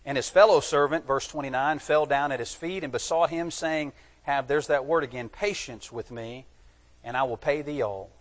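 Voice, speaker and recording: A man's voice: medium pitch, moderate pace. A man preaching a sermon, reading scripture aloud and stopping to point out key words for his listeners to mark. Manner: emphatic, teaching, tells listeners to underline words; reads scripture aloud in old-fashioned wording. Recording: long reverb of a large hall.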